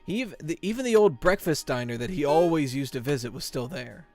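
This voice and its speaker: A young man live-streaming a horror game, chatting with viewers and telling groaner puns in an excitable, joking way. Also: on the high side, soft background music. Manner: excitable, quick yelps of frustration. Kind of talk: live-stream gameplay chat.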